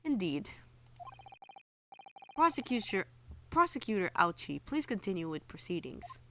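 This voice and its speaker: A woman's voice: mid-range voice, very animated, a little slow, pushed and bright, slight background noise, exaggerated voice. A woman voicing a stern male judge who gives formal courtroom orders.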